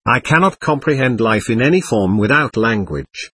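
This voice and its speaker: Husky man reading a book aloud. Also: medium pitch, animated, moderate pace, a bit bright. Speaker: audiobook narrator. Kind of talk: scripted narration.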